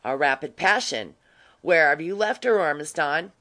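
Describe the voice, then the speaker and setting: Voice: mid-range voice, expressive, moderate pace, pushed and bright. Teasing aristocratic earl, familiar and nosy, read aloud by a narrator. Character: worldly curious aristocratic earl, man. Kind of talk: audiobook reading.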